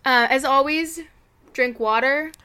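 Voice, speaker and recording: A woman's voice: sits high, measured pace, sharp tone. A young woman co-hosting a podcast in casual chat, rambling with lots of fillers. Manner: chatty, rambling with many fillers. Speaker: podcast co-host.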